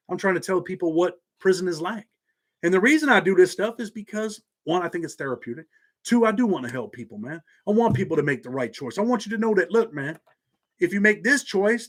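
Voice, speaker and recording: A man's voice: high-pitched, fairly bright tone. Laid-back man with a Southern twang. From Indiana. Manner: laid-back street slang, says "man" constantly. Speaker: channel host. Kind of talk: live stream chat. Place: home office.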